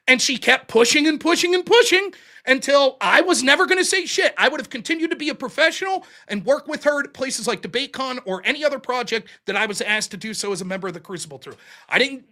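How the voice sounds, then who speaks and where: A man with a strikingly high, bright voice talks as a guest on a casual show. He tells his side in a blunt, profane, animated way. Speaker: guest streamer and debater. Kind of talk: casual podcast conversation.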